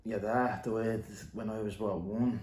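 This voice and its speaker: Dublin man, late twenties, low voice, casual and sweary host, roomy echo. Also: steady tone, measured pace, darkish tone. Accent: Dublin Irish. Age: late 20s. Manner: casual, swears often, thinking aloud. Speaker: podcast host. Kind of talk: casual interview.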